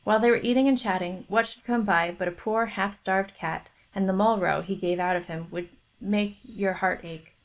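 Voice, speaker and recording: A woman's voice: mid-range voice, steady tone, normal speed. A woman reading a folk tale aloud for her book club stream, stopping for chatty asides. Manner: chatty, thinks aloud between passages.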